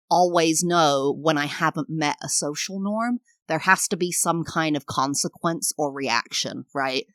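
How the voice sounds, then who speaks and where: Low-voiced English woman, candid podcast talk. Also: dry recording, clean studio sound. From England. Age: 30s. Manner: candid, reflective, acts out lively sing-song quotes. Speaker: podcast host. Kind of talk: personal solo podcast talk.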